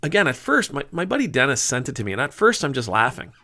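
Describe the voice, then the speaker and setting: A man's voice: medium pitch, very animated, quick pace, sharp tone. A middle-aged man giving a conversational, sermon-like talk, musing aloud with restarts and sudden bursts of emphasis. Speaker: speaker giving a faith talk. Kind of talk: informal sermon-style talk.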